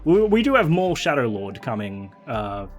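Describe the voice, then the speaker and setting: A man hosting a casual chat, talking excitedly with many fillers and restarts. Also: mid-range voice, moderate pace, soft background music. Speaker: podcast host.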